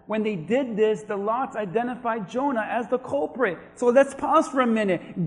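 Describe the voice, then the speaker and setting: A male pastor preaching a sermon, swinging between shouted emphasis and quiet asides. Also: very high-pitched, normal speed, hardly any pauses, long reverb tail.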